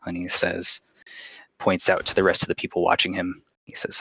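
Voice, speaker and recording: A man's voice: low voice, monotone, moderate pace, gravelly, bright, forceful tone, breathy edge, dry recording, poor audio. A man narrating as game master in a casual way, with many fillers and restarts.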